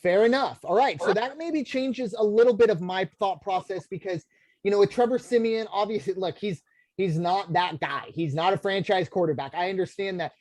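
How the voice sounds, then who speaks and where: A man's voice: high-pitched, normal speed, a little mellow, no echo. Rambling American man on a podcast. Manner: rambling, filler-heavy, many restarts. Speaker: podcast co-host. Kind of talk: casual sports talk.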